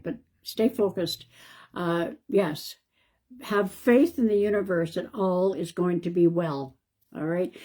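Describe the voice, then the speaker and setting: A woman, a psychic medium, doing a live-stream card reading in a calm, reassuring way and thinking aloud. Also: on the low side. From Canada.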